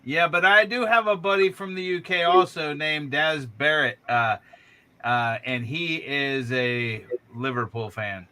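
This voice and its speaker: A man's voice: fairly high pitch, a little slow, bright, forceful tone, smooth. An American man hosting a live stream, chatting casually and reading out viewer comments. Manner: laughs often, reads out chat comments. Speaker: stream host. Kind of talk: casual chat.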